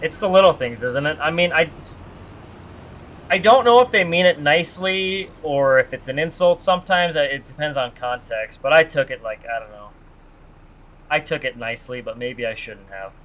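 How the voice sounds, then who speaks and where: A man streams a game and chats easily with his viewers, teasing them and reacting to the chat. His voice is bright and edged, with a faint steady hum of air conditioning behind him. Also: fairly high pitch, moderate pace. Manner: chatty, joking, reads chat aloud. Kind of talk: casual live-stream chat.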